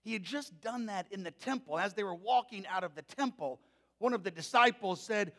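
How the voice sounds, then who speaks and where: Male pastor, forties; conversational storyteller, high-pitched with a long hall echo. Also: fairly quick, fairly bright tone. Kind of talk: sermon. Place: church sanctuary.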